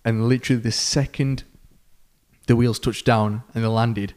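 On a podcast, a male co-host relaxes into a chatty story, bringing quoted characters to life with lively pitch and volume changes. He leans on ums and uhs to fill the pauses.

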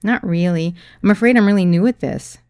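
A woman voicing an eager but embarrassed woman in a business suit, who talks haltingly. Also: fairly low pitch, darkish tone, clear, resonant tone, no room sound, clean studio sound, natural voice. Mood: confiding.

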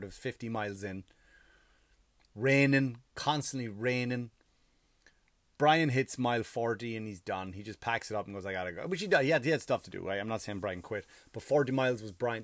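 A man's voice: medium pitch, no room sound. A tired man, a comedian, telling a story in a casual, profane, ranting monologue.

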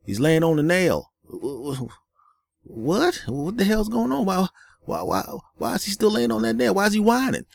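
A man putting on a high startled country man. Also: lively intonation, normal speed, vocal fry, darkish tone, dry recording, full character voice. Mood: alarmed. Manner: high, incredulous and stammering.

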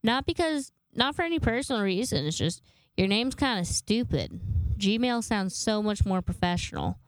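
A woman's voice: medium pitch, sing-song, moderate pace, dry recording. A young woman hosting a casual solo podcast, rambling and self-deprecating with casual swearing, a little congested from a sinus infection. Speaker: podcast host.

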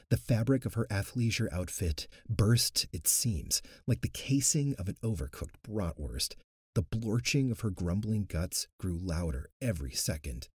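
A man narrating an audiobook in an expressive, animated way, close to the mic. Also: on the low side, husky, no echo.

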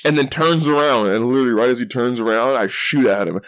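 A man's voice: mid-range voice, fast talker, no room sound. A man co-hosting a podcast, telling a crude story with lots of swearing and laughter. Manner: crude, laughing, acts out shouted quotes. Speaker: podcast co-host. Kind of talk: casual chat, storytelling.

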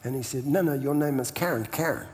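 An older man from New Zealand with a New Zealand accent, telling stories as a pastor guest in a relaxed interview, laughing often and repeating words as he starts his sentences. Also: medium pitch, quick pace. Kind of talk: storytelling interview chat. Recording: long hall reverb.

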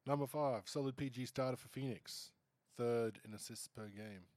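A man co-hosting a casual sports chat, reading out quiz clues and firing back short, lively replies. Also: mid-range voice, moderate pace, no room sound. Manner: lively, brief replies and laughs. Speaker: podcast co-host.

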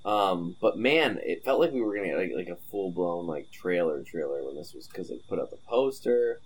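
A young man co-hosting a podcast in casual chat, talking animatedly and slipping into quick impressions. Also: deep voice, a little hiss or hum. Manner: animated, drops into impressions and quotes while talking. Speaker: podcast co-host.

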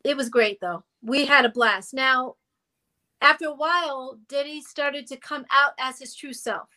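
A middle-aged woman, a former girl group singer, telling animated stories in a casual interview and acting out the people she quotes. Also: high voice, measured pace. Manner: animated storyteller who acts out quotes and sings notes.

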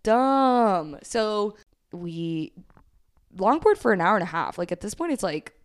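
Podcast co-host: young woman from Texas, slightly low voice, swears freely, laughs through her stories. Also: unhurried. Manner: profane, laughing, animated storytelling with many "like"s. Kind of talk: casual storytelling chat.

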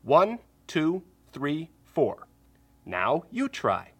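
A man's voice: fairly high pitch, huge pitch swings, drawn-out words, husky, pitched above the performer's own voice, full character voice. A man voicing a friendly, cheerful green frog who asks children to join in.

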